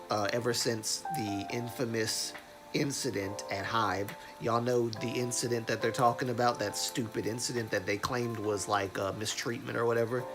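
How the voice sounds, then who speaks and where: A congested young man with a cold reads news aloud on his livestream, slowly and haltingly, often stopping to correct himself and start over. His voice sits at an ordinary middle pitch, and music plays clearly behind him throughout. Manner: slow, halting reading with restarts and self-corrections. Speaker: livestream host.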